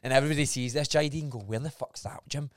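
A Scottish man hosting a casual podcast, telling stories in an animated way and swearing freely. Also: medium pitch, very fast, a crowd in the background. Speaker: podcast host.

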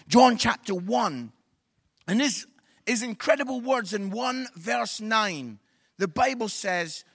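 A middle-aged man delivers a joking sermon in church. His voice sits high and sounds crisp and dry, right up close. He tells comic stories and breaks into sudden shouts. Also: no room sound. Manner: comic storyteller, bursts into shouts. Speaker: preacher. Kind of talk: humorous sermon. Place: church service.

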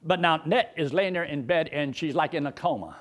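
A man's voice: a little high, a little fast. A male pastor, preaching a sermon in a folksy, joking storyteller's way.

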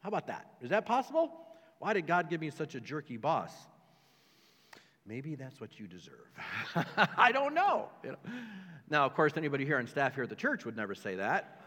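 A man's voice: mid-range voice, sing-song, fairly quick, a bit bright. Emphatic male pastor in a reverberant church. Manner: emphatic, joking asides, repeats phrases. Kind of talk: sermon. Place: church sanctuary. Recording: long hall reverb.

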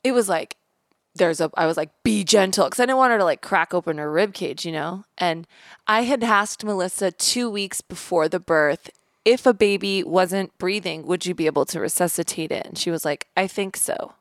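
A woman guest on a podcast, telling a personal story in an animated way and acting out the voices of the people in it. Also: lowish voice, moderate pace, no echo, clean studio sound. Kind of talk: casual storytelling interview.

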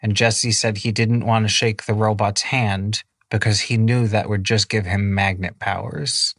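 Male storyteller, low voice, loose improvised kids' tale, dry sound. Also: level tone, measured pace, fairly bright tone, no room sound. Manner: casual, many fillers, rambling. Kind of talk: improvised children's bedtime story.

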